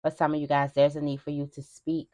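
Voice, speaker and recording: Low-voiced woman giving a spiritual reading. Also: completely flat delivery, fast talker, dark tone. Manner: conversational and emphatic, repeats phrases, addresses viewers directly. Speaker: tarot reader.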